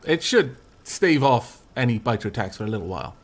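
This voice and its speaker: A man's voice: mid-range voice, sing-song, fairly quick. A man hosting a casual multiplayer gaming session, telling stories animatedly and laughing easily. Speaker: host and co-player.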